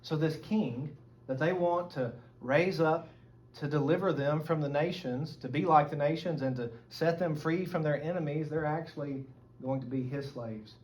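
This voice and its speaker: A man's voice: on the high side, normal speed, a little mellow. Southern man teaching a men's Bible study. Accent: Southern American. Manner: earnest, reads scripture aloud and explains it. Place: church meeting room. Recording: dull lo-fi recording, faint room noise.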